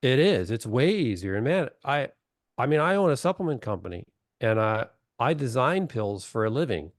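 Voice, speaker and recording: A man's voice: medium pitch, very animated, normal speed, no room sound, studio quality. A middle-aged man talking bluntly in a casual webinar chat on a video call, telling stories and acting out what people said. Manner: blunt, storytelling, acts out quotes. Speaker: doctor, webinar guest.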